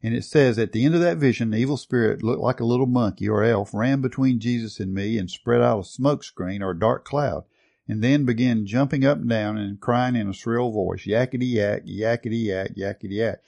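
Man, preacher, sermon, earnest, mid-pitched voice, reads quotes with emphasis. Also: a little fast, gravelly, a little mellow. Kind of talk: sermon reading and retelling a testimony.

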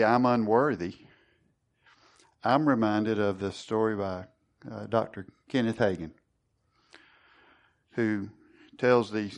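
Male Bible teacher, low voice, earnest and conversational, plain sermon delivery. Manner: earnest, conversational, stops to repeat words.

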